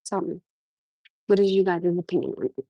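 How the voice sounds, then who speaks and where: Chatting on a livestream, a young Norwalk woman speaks with a New York-tinged American accent in a fairly low, slightly fast voice. She's animated, restarts frequently, and keeps repeating questions to her audience about what they think. The audio is dull, with no echo.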